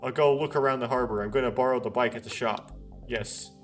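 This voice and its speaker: A man's voice: mid-range voice, fairly quick, faint music behind. Man reading a visual novel aloud. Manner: earnest dramatic reading with small restarts and wry asides. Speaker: let's play host.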